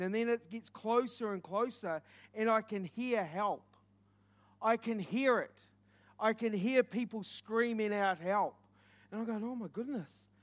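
A man, an evangelist, telling an earnest and intense testimony as a sermon, building from quiet reflection to loud urgency. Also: high voice. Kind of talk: preaching testimony.

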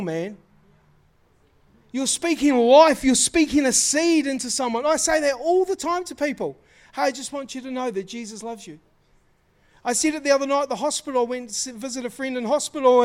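A man preaching a sermon, telling lively stories and acting out the dialogue in them, in casual, slangy talk. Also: extremely high pitch.

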